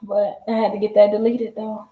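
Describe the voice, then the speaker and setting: A woman hosting a casual livestream, chatty and excitable, laughing often and talking straight to her viewers. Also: mid-range voice, normal speed. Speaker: credit repair livestream host. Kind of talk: casual livestream chat reading viewer comments. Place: her office. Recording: roomy echo.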